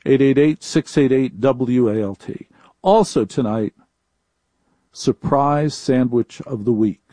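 A man hosting a live call-in talk radio show, talking in a chatty, wry way. His voice is mellow and warm, recorded close and dry with no room sound. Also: mid-range voice, slow pace, no room sound. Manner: chatty, wry, repeats phone numbers. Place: home studio in a laundry room.

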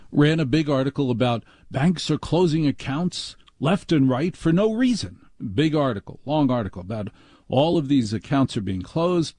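A man's voice: a little mellow, slightly rough, no room sound, clean studio sound. Exasperated middle-aged man ranting. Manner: exasperated, mocking, mimics bank staff in high voices. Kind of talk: ranting monologue.

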